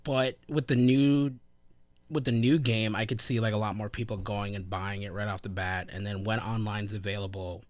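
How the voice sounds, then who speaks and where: A man's voice: lowish voice, fairly even intonation, moderate pace, no echo. A young man co-hosting a casual gaming podcast, laid-back, saying "like" and "dude" often and laughing between thoughts. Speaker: podcast co-host.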